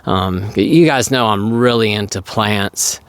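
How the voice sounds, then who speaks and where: A man talking casually to his viewers in a rambling vlog, hoarse and losing his voice, clearing his throat often. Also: lowish voice, takes it slowly, no room sound. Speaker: vlogger.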